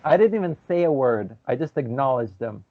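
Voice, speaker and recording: A man co-hosting a podcast, telling a story in a lively, casual way and acting out the people in it. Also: mid-range voice, fairly quick, no echo. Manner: animated storyteller, acts out quoted voices. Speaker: podcast co-host. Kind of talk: casual chat. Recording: tinny phone-like audio.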